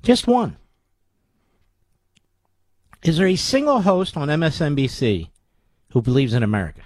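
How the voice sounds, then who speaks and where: A man's voice: a little high, big pitch swings, brisk, a little mellow, no room sound, studio quality. A man hosting a talk radio show, ranting sarcastically through rhetorical questions in an indignant monologue.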